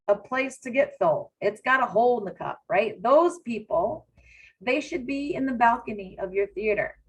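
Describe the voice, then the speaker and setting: A woman's voice: a little high, a little hiss or hum, rough recording. A woman giving a motivational talk, coaching her audience directly with energy. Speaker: co-host presenter.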